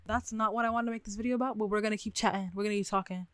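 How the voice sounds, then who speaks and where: A woman's voice: mid-range voice, fairly even intonation, rapid-fire, no room sound. Chatty young woman, dry close sound. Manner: chatty, rambling, self-reflective, laughs often. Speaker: vlogger. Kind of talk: casual chat to camera. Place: her bedroom setup.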